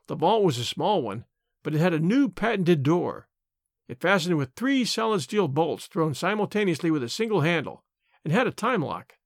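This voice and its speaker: Expressive male storyteller, dry sound. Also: fairly high pitch, dry recording. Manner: expressive, varied. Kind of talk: dramatic story reading.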